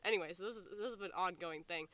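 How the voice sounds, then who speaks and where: High bright man, clear voice, camp staffer, animated telling with hushed asides. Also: racing, no room sound. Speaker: summer camp staff member. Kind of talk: casual anecdote to camera.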